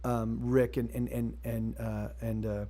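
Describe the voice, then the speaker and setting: A musician streaming live, talking casually and hesitantly between songs with many fillers and restarts. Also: male voice, medium pitch, flat delivery, unhurried, warm tone.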